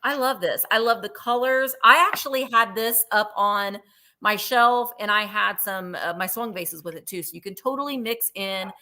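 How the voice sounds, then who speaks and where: A woman's voice: medium pitch, normal speed, pushed and bright. A woman hosting a live online vintage sale, chatting in a rambling way about each item and counting down the bids. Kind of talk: live online sales chat.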